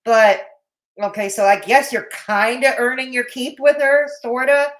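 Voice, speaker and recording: A woman's voice: a little high, steady tone, measured pace. A woman hosting a live commentary stream, blunt and mocking in tone, with a Canadian accent. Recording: roomy echo.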